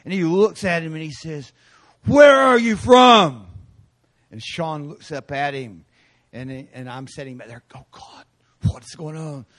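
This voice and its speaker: A middle-aged male pastor preaching a sermon, telling stories and acting out voices with sudden shouts. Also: on the high side, moderate pace. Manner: storytelling, acts out voices with bursts of shouting.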